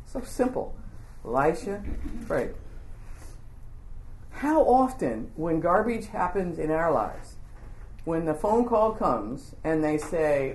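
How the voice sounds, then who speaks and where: A woman teaches a Bible lesson to a group, telling the story in an informal, animated way and putting questions to them. Her voice sits low, her pace is measured with frequent pauses, and the sound is roomy.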